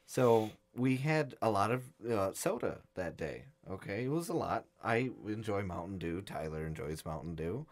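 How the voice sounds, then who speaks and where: A young man co-hosting a podcast, chatting casually as he tells stories. He talks in a loose, animated way and acts out each person he quotes. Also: fairly low pitch, moderate pace, hardly any pauses. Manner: animated storyteller acting out quotes. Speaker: podcast co-host. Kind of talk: casual storytelling chat.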